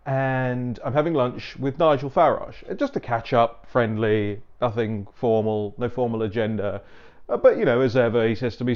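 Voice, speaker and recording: A man's voice: medium pitch, normal speed, clear, resonant tone, lo-fi sound. A British man telling a rambling political anecdote in a casual monologue, with wry asides. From Britain. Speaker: political commentator.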